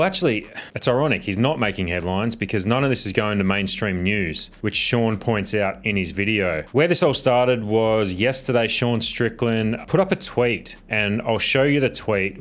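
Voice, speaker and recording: A man hosting a casual commentary video, telling a story in a chatty, animated way. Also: lowish voice. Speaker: host.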